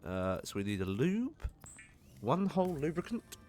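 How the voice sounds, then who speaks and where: A man's voice: on the high side, huge pitch swings, measured pace, darkish tone, soft background music. A man giving casual gameplay commentary, chatty and jokey, swearing when startled. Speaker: gaming streamer.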